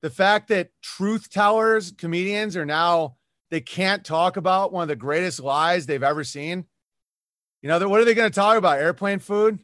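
A man's voice: high-pitched, moderate pace, a bit bright, no room sound, studio quality. A man, a comedian, talking in a casual podcast chat, ranting animatedly and mocking the people he quotes. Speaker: comedian guest.

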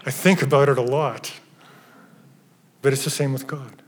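A man preaching a sermon with emphatic stresses that drop at times to hushed, near-whispered phrases. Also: medium pitch, fairly even intonation, moderate pace, pauses often. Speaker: pastor. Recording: reverberant church hall.

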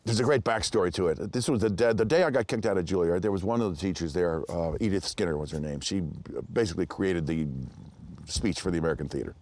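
An actor being interviewed rattles off animated anecdotes at a fast clip, acting out the voices of people he met in higher tones. He rambles, restarting frequently and laughing along the way.

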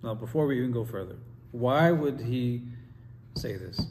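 A man's voice: mid-range voice, lively intonation, moderate pace, a little mellow, a little hiss or hum. A man teaching an Islamic study class, reading quotes aloud and putting questions to his students. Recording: long hall reverb, faint ambience.

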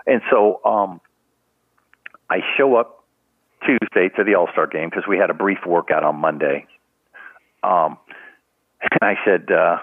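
A man's voice: low voice, measured pace, pauses often, slightly rough, dry recording. Older man telling stories over a tinny phone line. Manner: rambling anecdotes full of "you know" and restarts, acting out other people's lines. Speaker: guest, retired baseball team trainer. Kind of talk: casual storytelling in a podcast interview.

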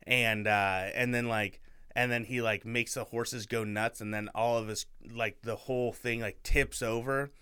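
A young man talks through a story in a relaxed podcast chat, full of fillers and restarts. His voice is bright and forward, clean and resonant. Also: medium pitch, measured pace, smooth. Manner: rambling, filler-heavy storytelling. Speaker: podcast co-host. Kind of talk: casual chat, retelling a book.

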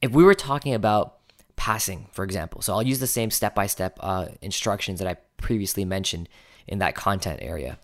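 A man's voice: low-pitched, brisk. A man hosting a coaching podcast, giving an instructional talk that shifts pace and stresses key words, sometimes counting items aloud to himself.

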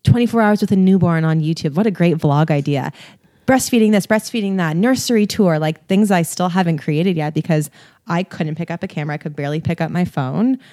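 A young adult woman chatting as a podcast guest, relaxed and talkative with lots of fillers. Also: on the low side, a little fast, dry recording, studio quality. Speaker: podcast guest, content creator. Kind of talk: casual chat.

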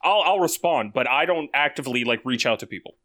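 Man, podcast co-host, casual banter, bright tone, laid-back, swears. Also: mid-range voice, lively intonation, fast.

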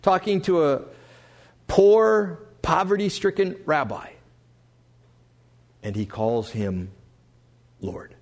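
A man preaching a sermon to a congregation, swinging between loud emphasis and quiet asides. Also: fairly high pitch, lively intonation, slow, pauses often. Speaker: pastor. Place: church sanctuary before a congregation.

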